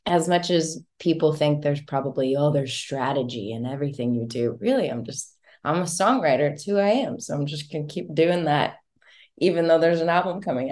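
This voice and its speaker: A woman with a notably low speaking voice, chatting as a singer-songwriter guest in an interview. She talks in an expressive, easygoing way and laughs often between thoughts. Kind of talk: casual interview chat.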